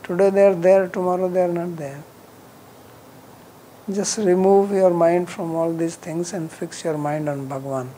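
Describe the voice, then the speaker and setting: A man teaching scripture, reciting verses in Sanskrit before explaining them in plain, measured English. His phrases often trail off softly, and he restarts sentences as he works through an idea. A faint, steady noise sits under the recording. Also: high voice, rough recording. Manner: drops softer at phrase ends, with frequent restarts.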